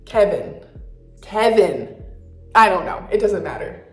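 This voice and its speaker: A woman's voice: mid-range voice, lively intonation, slow pace, echoey room, soft background music. A young woman vlogger telling a story in a candid, profane, casual way with lots of fillers.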